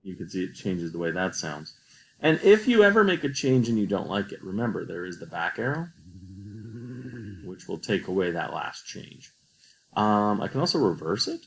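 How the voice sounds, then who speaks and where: A man's voice: low voice, gravelly, poor audio. A man teaching a coding tutorial over a screen recording, patient and explaining each step.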